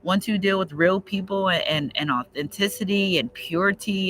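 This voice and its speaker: A man's voice: high voice, normal speed, pushed and bright, a little hiss or hum, rough recording. A man giving a live tarot reading outdoors, talking straight to his viewers in an emphatic, slangy way. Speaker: tarot reader.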